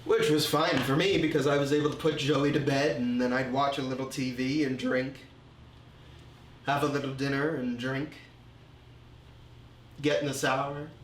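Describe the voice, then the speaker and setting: An actor playing a remorseful man confessing his drinking and insecurity, telling it slowly and haltingly in a film monologue. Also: medium pitch, level tone, a little hiss or hum, lightly acted. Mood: reflective. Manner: slow, halting, reflective storytelling. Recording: roomy echo.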